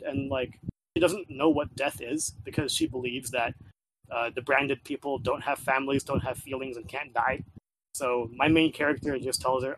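Man, gaming podcast host, casual chat, rambling, lots of fillers and restarts, middle pitch. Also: fairly even intonation, normal speed, noisy background.

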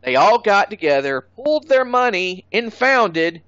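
A man in casual conversation, bluntly opinionated and quick to swear. His voice is bright and forceful, close and dry. The recording has a somewhat dull, lo-fi sound. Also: high voice, sing-song, dry recording. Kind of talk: casual chat.

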